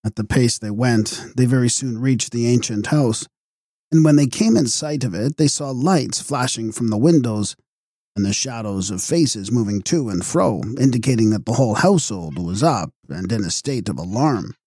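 Man, audiobook narrator, gothic novel, dark mellow tone, dry recording. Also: mid-range voice, husky, no room sound. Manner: steady, measured storytelling.

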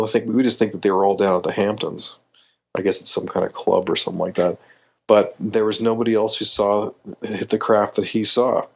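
A man's voice: on the low side, a little mellow, dull audio. A middle-aged Canadian man, a podcast guest, telling a story animatedly, acting out quoted voices with many restarts.

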